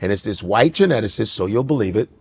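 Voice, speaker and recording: A man co-hosting a comedy podcast, talking casually and breaking into quick impressions of other people. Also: fairly low pitch, animated, slightly rough, long reverb tail. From United States.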